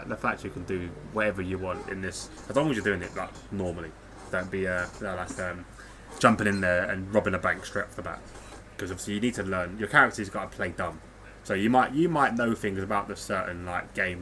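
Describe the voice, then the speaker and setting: Bright-voiced man chatting. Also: deep voice, slight background noise. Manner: swearing, laughing, British slang. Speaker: podcast co-host. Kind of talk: casual podcast chat.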